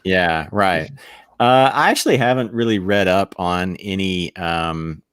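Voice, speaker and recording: A man's voice: deep voice, unhurried, a bit bright, clear, resonant tone. A man co-hosting a podcast in casual sports chat, thinking aloud with hesitant restarts. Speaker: podcast co-host. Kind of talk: casual fantasy football chat.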